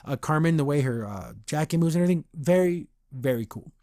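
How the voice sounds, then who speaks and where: Brief: male podcast host, slightly high voice, dry close sound, rambling cartoon recap. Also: animated, warm tone, dry recording. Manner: chatty, rambling, quick mimicry of characters. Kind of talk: casual episode recap.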